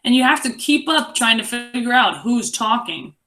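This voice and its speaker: A young adult woman teaching a reading lesson to a class, encouraging and expressive as she reads aloud. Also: on the high side, moderate pace, soft background music.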